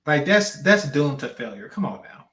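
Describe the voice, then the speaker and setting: A man's voice: on the high side, very animated, moderate pace, bright, forceful tone, echoey room. Blunt, slangy man commentating. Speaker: reaction channel host. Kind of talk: casual commentary on a clip.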